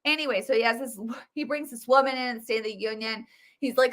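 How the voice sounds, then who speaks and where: A woman's voice: on the high side, a little fast, a bit bright. A woman hosting a casual political commentary show, talking in a chatty, opinionated way with many fillers and restarts. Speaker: host.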